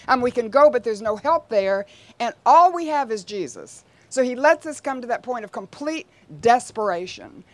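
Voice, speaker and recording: A woman preaching a sermon in a conversational way, with frequent rhetorical asides to her listeners. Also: on the high side.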